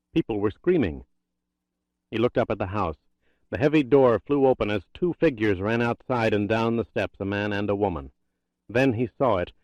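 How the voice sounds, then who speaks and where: A man reading a thriller audiobook in a tense, steady narration. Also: on the low side, no echo, dull audio.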